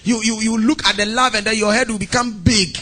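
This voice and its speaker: Ghanaian male pastor with a high, sing-song preaching voice, playfully acting out scenes. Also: fairly quick. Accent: Ghanaian English. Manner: animated, acts out mock phone calls and scenes. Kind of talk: sermon.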